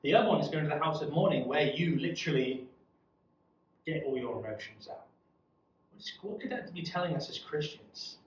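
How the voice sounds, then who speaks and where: A man's voice: a little high, brisk, distant mic, a little hiss or hum. Man teaching in an echoey room. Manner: earnest, conversational, asks the group questions. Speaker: youth Bible study leader. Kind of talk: Bible study teaching. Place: church room.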